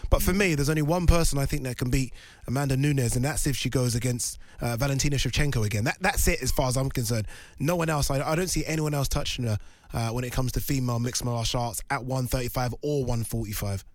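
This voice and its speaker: A man's voice: medium pitch, fast talker, no echo. A man co-hosting a sports radio show, talking enthusiastically and emphatically about fight cards. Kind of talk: casual sports chat.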